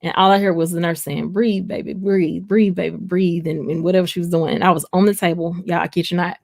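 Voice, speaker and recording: Gravelly-voiced woman telling a story. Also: fairly low pitch, fairly even intonation, quick pace, dry recording, studio quality. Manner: storytelling, addresses viewers as y'all. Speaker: live-stream host. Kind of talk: casual live chat.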